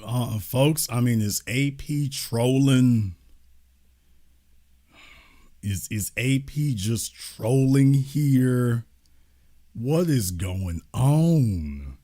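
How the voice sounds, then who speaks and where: A man hosting a live-stream talk show, making casual, mocking commentary with animated asides. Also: medium pitch, very slow, long pauses. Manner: animated, mocking, slips into mimicked voices.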